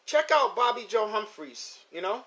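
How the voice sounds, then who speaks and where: A middle-aged man hosts a pigeon racing live stream through a phone or computer mic, his high voice sing-song, pushed, and bright at normal speed. He rambles casually, repeating his words as he chats with viewers.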